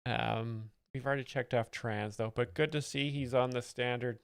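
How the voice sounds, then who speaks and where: A man's voice: medium pitch, steady tone, normal speed, creaky, smooth, dry recording, clean studio sound. A man hosting as a self-serious joke explainer, commenting on comedy clips in a pompous professorial manner. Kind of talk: deadpan mock-expert commentary over clips.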